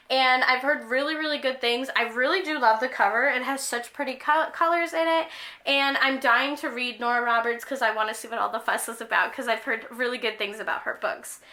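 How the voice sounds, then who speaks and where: Young female book vlogger, high bright voice, gushy and excitable, casual "like"-filled chat. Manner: gushing, enthusiastic, frequent "like" fillers.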